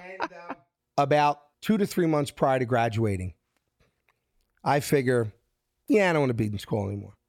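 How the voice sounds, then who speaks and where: A middle-aged man from South Philadelphia with a Philadelphia accent, telling his story with lively acted-out quotes. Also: no room sound, clean studio sound. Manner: acts out quotes with shifting pitch, lively and fast. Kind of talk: animated storytelling.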